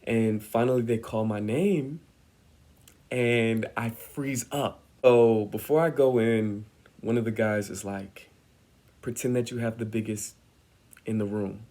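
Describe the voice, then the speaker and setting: A man's voice: on the low side, fairly even intonation, measured pace, warm tone. A young man telling a personal story in a vlog, acting out the voices of the people he quotes with lots of energy. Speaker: vlogger.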